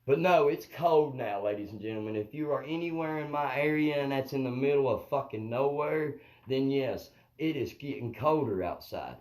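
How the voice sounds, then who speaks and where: A comedian on a live stream rambles profanely through a comic monologue at a moderate pace, barely pausing and often checking in with "you know what I mean." His mid-range voice has a darkish tone. The phone or webcam recording is low quality.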